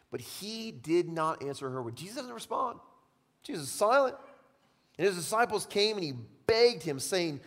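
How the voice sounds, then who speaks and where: A man delivers a sermon from the pulpit, his voice sitting a little high for a man. He moves from hushed, searching questions to loud, fervent outbursts. The sound carries the long reverb of a large church hall. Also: very animated, moderate pace. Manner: impassioned preaching, swinging from hushed to loud. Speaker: pastor.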